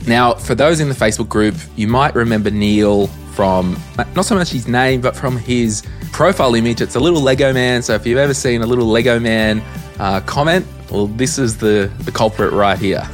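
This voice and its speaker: A man's voice: mid-range voice, normal speed, faint music behind. A man hosting a money podcast, upbeat and teasing as he chats with his guest. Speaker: podcast host. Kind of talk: casual interview chat.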